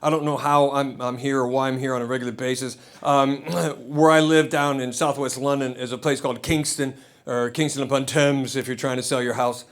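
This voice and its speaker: A man's voice: mid-range voice, little pitch movement, brisk, hardly any pauses. An American man telling a profane stand-up story, acting out both sides of the dialogue on a comedy club stage. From United States. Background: audience laughter.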